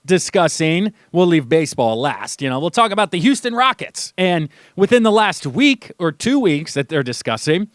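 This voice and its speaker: High-voiced animated sports radio man. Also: moderate pace, hardly any pauses, dry recording, studio quality. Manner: animated, mocking, acts out quotes in a high voice. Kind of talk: casual sports talk monologue. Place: radio studio.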